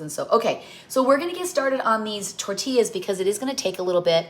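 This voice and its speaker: A woman's voice: medium pitch, sing-song, fairly quick, few pauses. A middle-aged woman hosting a home cooking livestream, rambling through stories while she talks viewers through a recipe.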